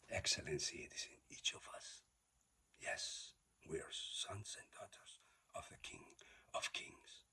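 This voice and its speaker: Brief: male motivational preacher, low and breathy, lively pitch, drops into whispers between loud exhortations. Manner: emphatic, swings from loud declarations to whispers; repetitive, exhorting. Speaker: motivational speaker.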